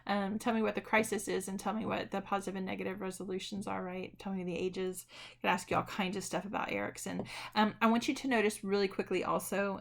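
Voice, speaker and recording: Casual lecturer, a woman with a gravelly edge who keeps checking in with her class. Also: medium pitch, level tone, fairly quick, slight background noise. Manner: conversational, self-correcting, says "right?" often. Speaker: college psychology instructor. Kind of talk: recorded online lecture.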